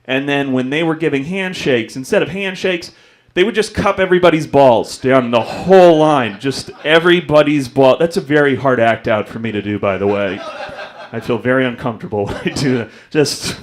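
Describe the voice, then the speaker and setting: Young male stand-up, mid-pitch voice, self-mocking storyteller, club stage mic. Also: animated, a little fast. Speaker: stand-up comedian. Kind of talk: stand-up comedy set.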